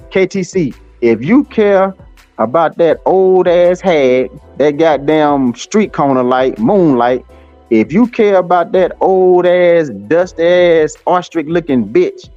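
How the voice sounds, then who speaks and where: A man's voice: a little high, darkish tone, no room sound. A man, ranting and taunting on a live stream, swearing heavily and rambling with lots of fillers. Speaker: livestream host. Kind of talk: profane live-stream rant. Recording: slightly dull lo-fi stream audio.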